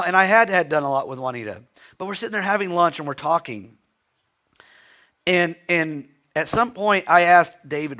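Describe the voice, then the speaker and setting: A man's voice: fairly high pitch, expressive, moderate pace, sharp tone. A man preaching a sermon in a church, telling a personal story in an earnest, heartfelt way. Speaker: pastor. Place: church sanctuary.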